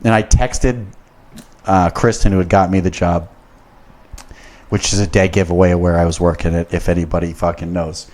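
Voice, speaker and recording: A man's voice: sits low, flat delivery, normal speed, pauses often, a little mellow. A young man on a podcast, casually telling a long story in a profane, rambling way and getting worked up as he goes.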